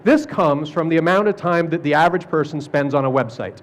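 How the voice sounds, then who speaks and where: Middle-aged male presenter, fairly high voice, jokey lecture delivery that slips into voices for quotes. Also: fairly quick. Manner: animated, jokey, acts out quoted people. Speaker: speaker at an art fair talk.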